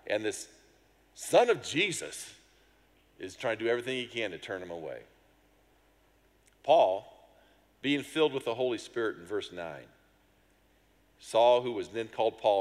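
A man's voice: fairly low pitch, in a large hall. A middle-aged man, a pastor, telling a personal story in a sermon, acting out voices and sounds with self-deprecating humor.

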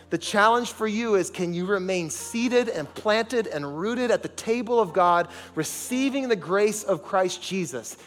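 Man, pastor preaching, high voice, emphatic, long church reverb, soft music underneath. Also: animated, a little slow, hardly any pauses. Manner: emphatic, calls for congregation responses. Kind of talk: sermon. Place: large church sanctuary.

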